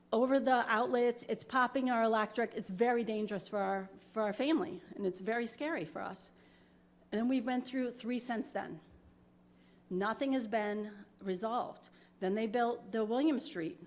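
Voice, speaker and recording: Steady in tone and normal in speed, this fairly high female voice belongs to a New York resident addressing a town board meeting. Standing at the podium mic, she apologizes but keeps pressing her emotional point.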